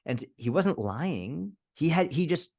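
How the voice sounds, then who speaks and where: A man in his thirties, a fitness coach, talking casually on a podcast and telling animated stories with frequent swearing. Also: on the high side, slow. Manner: animated storyteller, swears freely.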